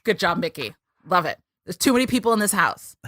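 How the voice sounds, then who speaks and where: A woman's voice: fairly quick, no room sound. A woman hosting a podcast, chatting casually and with animation as she recaps a TV episode and breaks into giggles. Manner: giggly, animated, quotes characters in high voices. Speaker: podcast host.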